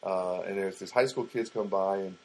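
A man's voice: deep voice, normal speed, darkish tone, poor audio. A man telling a rambling, casual story about his week, with frequent restarts.

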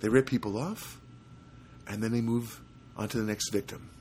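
A man's voice: fairly low pitch, normal speed, slight background noise. A man hosting a podcast from a studio apartment, telling a rambling story in a casual way with many restarts. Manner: rambling, with many restarts and animated quoted voices. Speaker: podcast host.

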